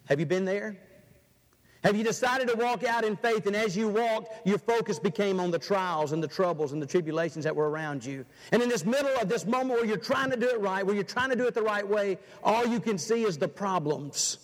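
A high-voiced man delivers a brisk, dramatic sermon with a lively, swinging rhythm, sinking to a hush before rising loud again. He fires rhetorical question after question at the crowd, and his voice rings through a large church hall with a long reverb.

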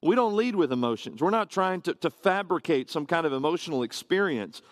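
Guy pastor preaching, kinda higher voice, chatty asides to the congregation. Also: animated, a little fast, no room sound, studio quality. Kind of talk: sermon. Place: church sanctuary, standing on a carpeted platform.

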